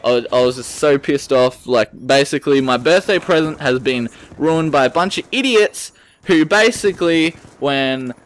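Swearing Australian teen ranting. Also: male voice, a little high, moderate pace. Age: late teens. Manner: swearing, animated, rambling with restarts. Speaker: gaming channel host. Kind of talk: casual story-time rant over gameplay.

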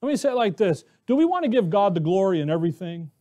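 A man with a very high speaking voice delivers a sermon as pastor. He preaches emphatically, firing off rhetorical questions and circling back over his phrases as he drives each point home. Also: sing-song, quick pace, dark tone. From Arizona, US.

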